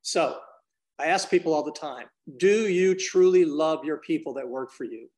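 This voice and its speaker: A man's voice: on the high side, normal speed. A man as a podcast guest, explaining business ideas energetically and acting out little dialogues. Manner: energetic, acts out dialogues in different voices; addresses the host by name often. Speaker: business consultant and trainer.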